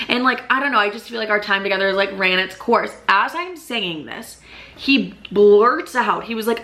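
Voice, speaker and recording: Bright-voiced young woman, chatty and emphatic. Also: medium pitch, lively intonation, moderate pace. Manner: emphatic and chatty, heavy swearing and constant "like" fillers. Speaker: YouTube vlogger. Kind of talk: casual storytelling to camera.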